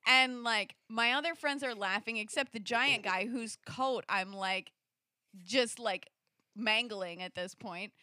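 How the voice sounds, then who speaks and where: A woman tells a personal story in a bright, forceful voice that sits a little high. She talks animatedly, packing in fillers and restarts. The sound is close and dry. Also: a little slow, no echo. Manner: acts out quoted lines, rising into shrieks. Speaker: storyteller in a conversation. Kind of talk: casual personal anecdote.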